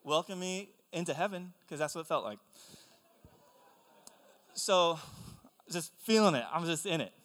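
A young man preaching a sermon, telling stories in an animated, conversational way. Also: a little high, a little slow, long pauses. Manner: animated storytelling, excitable and conversational. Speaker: pastor. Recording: long hall reverb.

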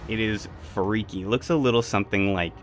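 A man's voice: lowish voice, brisk, soft background music. A man narrating a tabletop game as game master, describing scenes vividly and making sound effects.

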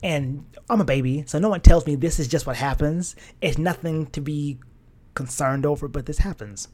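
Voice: mid-range voice, moderate pace, a little mellow. A young adult fashion stylist telling a personal story in a casual, emotional way, with slang and lots of fillers.

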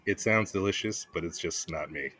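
A man's voice: low voice, moderate pace, sharp tone, no room sound. A man appearing as a podcast guest, talking in a fussy, insistent way. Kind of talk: comedic podcast banter.

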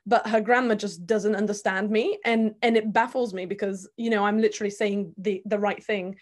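A woman's voice: mid-range voice, steady tone, moderate pace. A woman in casual conversation, talking thoughtfully, with many fillers and restarts. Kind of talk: casual chat.

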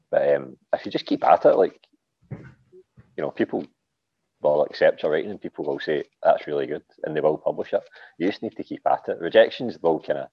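A man's voice: rumbling low, slightly rough, no echo, lo-fi sound. A man with a Glaswegian accent, an author guest chatting casually on a podcast, swearing freely and dropping "like" and "aye".

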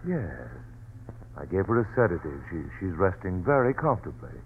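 Casting: a level-headed doctor, lowish lively voice, soothing but firm, old radio sound. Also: male voice, brisk, slight background noise. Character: calm, rational family doctor and friend. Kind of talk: 1940s radio acting. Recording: tinny lo-fi old radio recording.

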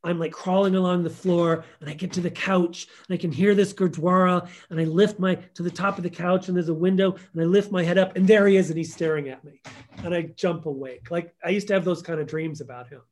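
A man telling stories as a guest in a conversational interview, acting out quotes and trailing off softly. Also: sits high, steady tone, a little fast.

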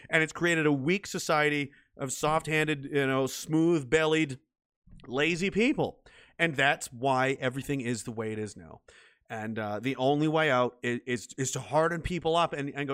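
Brief: combative man, profane ranting monologue, slightly high voice, stumbling restarts. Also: moderate pace, fairly bright tone, smooth. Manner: many restarts and repeated words.

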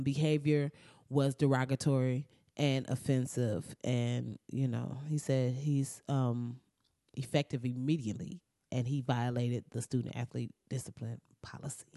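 A woman's voice: no echo, studio quality. Blunt, profane woman commentator. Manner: animated and blunt, swears freely, swings into loud high outbursts. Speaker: commentary host. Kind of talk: profane comedic news commentary.

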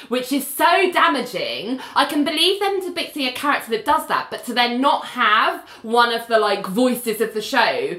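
A woman's voice: on the high side, normal speed, hardly any pauses. A woman, chatting casually about a TV episode and acting out the characters' lines. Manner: animated, acts out characters' lines. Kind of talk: casual chat recapping a TV episode. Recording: echoey room.

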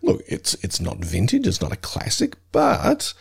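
A man's voice: lowish voice, huge pitch swings, measured pace, creaky, breathy edge. A man co-hosting a podcast, bantering in a wry, joking way. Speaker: podcast co-host. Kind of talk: casual podcast chat.

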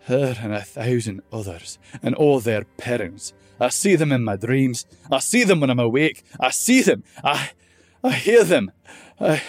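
A man's voice: medium pitch, normal speed, no echo, soft background music, lightly acted. A man doing a guilt-ridden dwarf warrior. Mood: anguished.

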